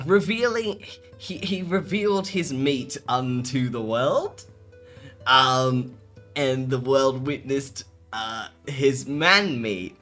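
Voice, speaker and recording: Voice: mid-range voice, slow, fairly bright tone, soft background music. A VTuber streamer in casual live-stream chat, giggling and rambling while answering chat.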